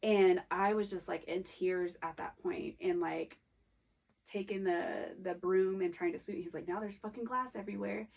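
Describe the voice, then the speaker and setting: A woman co-hosting a podcast, candidly telling a personal story in a halting, emotional way. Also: fairly low pitch, steady tone, creaky, warm tone, poor audio. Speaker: podcast co-host. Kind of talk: personal storytelling in casual chat.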